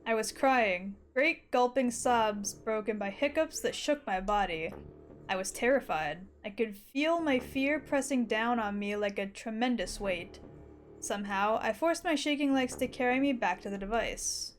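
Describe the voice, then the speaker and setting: A woman streamer reads a visual novel's narration aloud with dramatic flair, her voice sitting a little high. She breaks off for crude asides, with faint game music behind her. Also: expressive, unhurried. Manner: dramatic reading, laughing, crude jokes.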